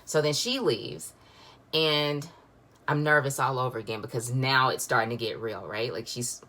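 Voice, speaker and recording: A woman's voice: a bass voice, moderate pace, sharp tone. A woman, telling a personal story in a chatty, emotional way full of fillers. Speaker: vlogger.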